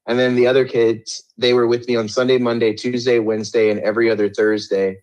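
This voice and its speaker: A man's voice: mid-range voice, little pitch movement, fairly quick, a little mellow. A middle-aged man telling his story in an interview, rambling with many restarts and a defensive edge.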